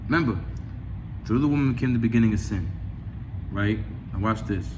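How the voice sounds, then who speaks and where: The setting is noisy as a fairly low-voiced man, speaking at normal speed, gives casual religious commentary for his video channel. He reads scripture and shares his own life, rambling and restarting often, sometimes acting out chats in a louder voice.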